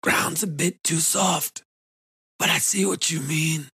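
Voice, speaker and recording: A man voicing a sly male friend who whispers low and slowly. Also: gravelly, slightly rough, dry recording, studio quality, full character voice. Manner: low, hushed, slow.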